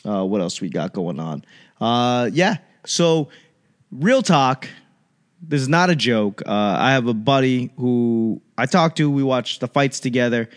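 A man hosting a casual solo chat, rambling and animated, with lots of fillers and restarts. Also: medium pitch.

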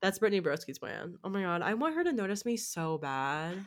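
A young woman in her twenties hosting a podcast, chatting casually with lively, rambling talk and free swearing. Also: mid-range voice, fairly quick. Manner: animated, rambling, swears freely. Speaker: podcast host. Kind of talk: casual chat.

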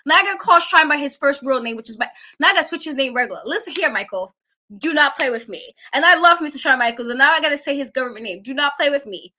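A woman co-hosting a wrestling talk show, ranting in an animated, exasperated way and laughing often. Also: sits high. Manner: emphatic repetition. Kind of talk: casual podcast rant.

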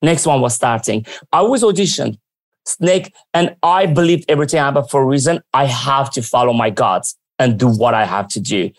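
A man shares memories of his career as a guest on a chat show. His voice sits at a middling pitch and sounds close and dry. He tells it all with lively energy and slips into other people's voices when he quotes them. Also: normal speed, dry recording. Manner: lively, acts out quoted dialogue. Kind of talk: casual storytelling.

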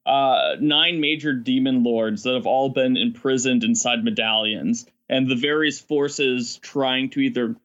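A man telling stories as a game master in a casual podcast chat, rambling and animated, often laughing. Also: medium pitch, smooth, muffled recording.

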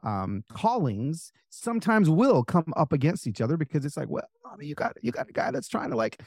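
A man with a slightly raised, lively voice shares stories as a guest author. He rambles with fillers and acts out the voices of the people in his stories. The sound is close and dry, with no room around it. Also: fairly high pitch, fairly quick, no echo. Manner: animated, acts out quoted voices, many fillers. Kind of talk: casual storytelling interview.

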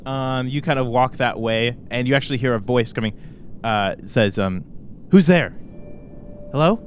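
A man's voice: medium pitch, steady tone, normal speed, a bit bright, a little hiss or hum. A man narrating as game master, hesitant and full of fillers and self-corrections.

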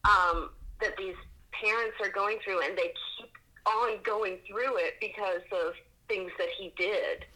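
A woman's voice: medium pitch, unhurried, bright, forceful tone, poor audio. A woman co-hosting a podcast in casual chat, speaking in a reflective, thoughtful way. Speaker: podcast co-host.

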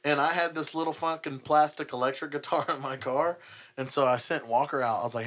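A young man, a band member who also hosts a podcast, tells a rowdy story at a quick pace in a mid-range voice. He's profane and animated, acting out what people said, in casual podcast conversation.

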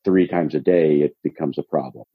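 Deep husky guy chatting frankly, rambles n restarts, kinda dull muffled sound. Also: a little fast, no room sound. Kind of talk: casual chat.

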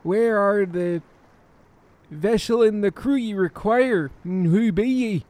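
Man doing a pirate captain, high voice, slow drawl, gruff sea talk, shifty. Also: lively intonation, darkish tone. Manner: gruff pirate talk, clumsy cover stories. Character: scruffy male pirate captain posing as a scholar.

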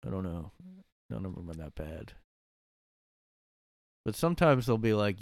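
A man's voice: fairly low pitch, very animated, a little slow, no room sound, clean studio sound. Rambling, joking podcast guy. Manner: rambling, joking, laughs at own bits. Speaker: podcast host. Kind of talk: casual solo monologue. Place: his room.

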